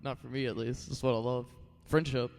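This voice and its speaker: A man's voice: medium pitch, fairly even intonation, brisk, vocal fry, darkish tone, big-room sound. A man in his thirties chatting casually and rambling on a live stream, thanking his viewers and often saying "like" and "you know.". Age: 30s.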